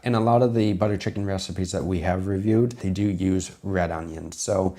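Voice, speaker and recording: Deep-voiced man, a bit hoarse. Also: steady tone, normal speed, noisy background. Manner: explanatory, talks to viewers as "guys". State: voice strained from recent illness. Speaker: chef reacting to cooking videos. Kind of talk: casual commentary.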